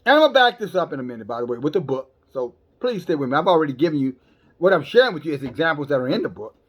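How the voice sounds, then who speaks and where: A man's voice: on the high side, sing-song, very fast. A man preaching a sermon in a blunt, emphatic, scolding way, often repeating words as he stumbles. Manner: scolding, calls listeners sisters and brothers.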